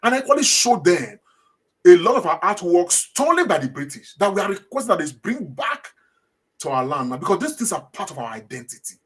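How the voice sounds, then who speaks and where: Nigerian man, rambling fillers, higher pitch. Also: big pitch swings, brisk, fairly bright tone, husky. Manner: rambling with frequent fillers and restarts. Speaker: talk show host. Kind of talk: casual commentary.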